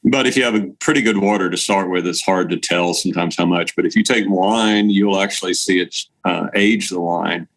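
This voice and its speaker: A man with a very low, gravelly voice. He talks in a relaxed, casual way as an interview guest. He tells stories with plenty of fillers. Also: rough recording. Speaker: guest, light therapy device maker.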